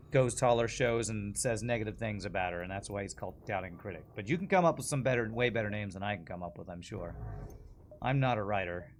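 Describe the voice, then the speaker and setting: A man's voice: mid-range voice, slight background noise. A man chatting casually as he streams a game, rambling and laughing often. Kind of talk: casual gameplay commentary.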